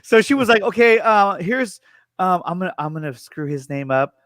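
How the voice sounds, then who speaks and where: High bright-voiced young man hosting a livestream. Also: lively intonation, no room sound. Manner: reads viewer messages aloud and thanks them, upbeat and chatty; quick laughs and frequent restarts. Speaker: host of a review and reaction show. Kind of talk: casual livestream chat.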